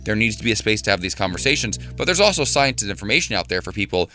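A man hosts a radio show in an easygoing, upbeat manner, swapping stories with his co-host. His voice is bright and forward at a middle pitch, and faint music plays underneath. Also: big pitch swings, rapid-fire. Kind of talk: casual radio show chat.

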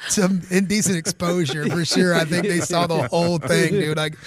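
A man's voice: on the high side, fairly even intonation, normal speed, a loud crowd. A man who is a singer, chatting loosely and laughing as a guest in a radio studio. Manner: laughing, rambling storyteller. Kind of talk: casual chat and live singing.

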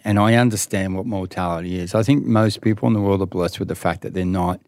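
A man in his sixties with an Australian accent, a guest telling casual stories in an interview. He is a lively storyteller. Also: fast talker, no echo, clean studio sound. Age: 60s. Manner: lively storyteller who acts out other people's lines with big pitch leaps.

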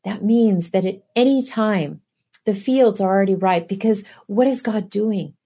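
A woman's voice: medium pitch, a little slow, mellow, breathy edge. A middle-aged woman giving an earnest preaching testimony, pressing her listeners with rhetorical questions. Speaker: guest speaker.

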